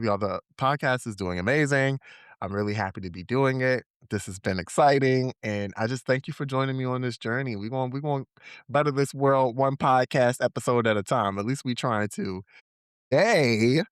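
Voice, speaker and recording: A man's voice: mid-range voice, a bit bright, clear, resonant tone, dry recording, clean studio sound. A man hosting a podcast, with chatty, upbeat, slangy talk. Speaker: podcast host.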